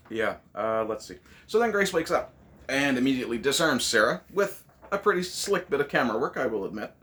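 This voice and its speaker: A man's voice: medium pitch, sing-song, brisk, a bit bright. A man hosting a casual movie review, ranting sarcastically with lots of swearing.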